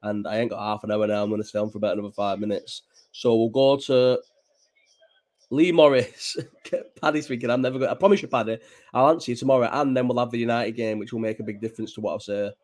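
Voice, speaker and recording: A man's voice: mid-range voice, steady tone, quick pace, a little mellow. Rambling man on a live chat. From Bolton, England. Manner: rambling and chatty, swears freely. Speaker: live stream host. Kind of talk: casual late-night live chat. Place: at home at night, child nearby.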